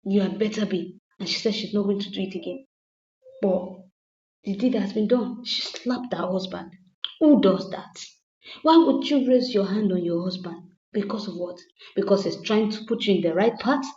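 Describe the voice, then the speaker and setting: A woman's voice: mid-range voice, normal speed, a little mellow. A woman recapping a movie casually, retelling scenes dramatically with moralizing asides. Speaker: movie reviewer. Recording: roomy, dull lo-fi sound.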